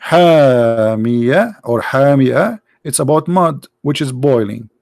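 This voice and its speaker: A man's voice: mid-range voice, lively intonation, slow pace, vocal fry, darkish tone, no echo, studio quality. A man hosting a heated call-in debate show, speaking non-native English with broken grammar in a mocking, sarcastic way and calling his opponent "brother" again and again. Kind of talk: heated live debate with callers.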